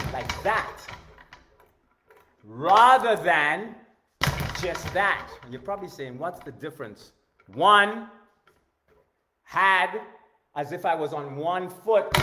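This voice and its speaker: A man teaching martial arts strikes in a live-stream rant, emphatic and animated, shouting out strike sounds and often clearing his throat. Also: a little high, slight background noise. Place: home training garage in the backyard.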